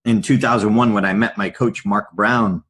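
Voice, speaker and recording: A middle-aged man with a low, husky voice, a podcast guest spinning lively, candid anecdotes. He tells his stories like a seasoned public speaker, open and earnest. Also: normal speed. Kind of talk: storytelling in a podcast interview.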